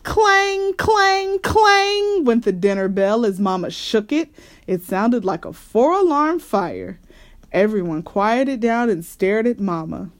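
A woman host reading a children's storybook aloud with an expressive delivery. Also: medium pitch, unhurried.

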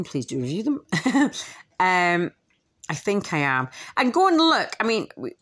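A woman hosting her own podcast, talking candidly in a casual monologue, swearing and acting out quotes. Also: low voice. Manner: candid, swearing, animated quoting with laughs. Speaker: podcast host and author. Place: at home with a dog nearby.

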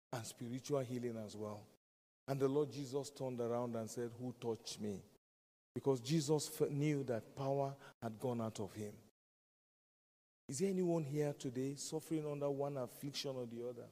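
A man's voice: mid-range voice, dark tone. A man preaching a sermon, emphatic and fond of repeating key phrases. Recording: long reverb of a large hall.

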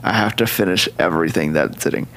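Low gravelly-voiced male podcast host. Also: fast, a bit bright, a little hiss or hum. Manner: easygoing, frequent short backchannels, jokey. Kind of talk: casual interview chat.

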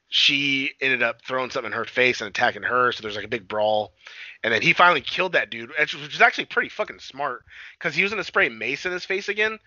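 A man rambles through a movie plot in casual podcast chat, swearing freely and acting out lines. His voice is very bright and forceful. The mic sounds dry and a little dull. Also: mid-range voice, dry recording. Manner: rambling, profane retelling with acted-out quotes. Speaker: podcast co-host.

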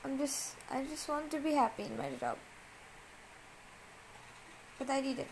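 A woman talking straight to her listeners in a personal, confessional monologue. She speaks softly and haltingly, repeats herself and searches for words. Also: high-pitched, sing-song, a little hiss or hum, poor audio. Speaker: vlogger.

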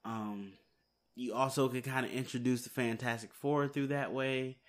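A man's voice: medium pitch, fairly even intonation, moderate pace. A man hosting a casual solo podcast from home late at night, rambling and sounding tired. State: hiccups. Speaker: podcast host.

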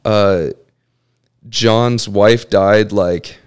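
A man's voice: fairly low pitch, fairly even intonation, drawn-out words, clean tone. A young man co-hosting a podcast, rambling through a story in casual chat. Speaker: podcast co-host.

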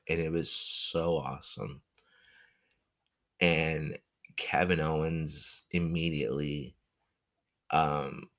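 Male, very low voice, unhurried, casual match recap full of halting restarts. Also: fairly bright tone. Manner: rambling, halting, with many fillers and restarts.

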